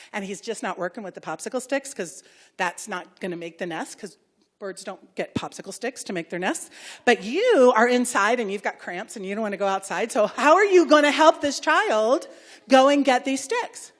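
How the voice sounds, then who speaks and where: A woman's voice: mid-range voice, expressive, brisk. A woman giving a talk as a preschool director, telling a story and acting out the voices of the people she quotes. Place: public hall.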